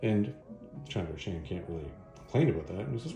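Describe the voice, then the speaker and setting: A man's voice: sits low, lively intonation, fast, dark tone. A man casually retelling a comic story, chatty, tossing off bits of the characters' dialogue as he goes. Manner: chatty, acts out quoted dialogue in passing. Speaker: comic reviewer. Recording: echoey room, faint background music.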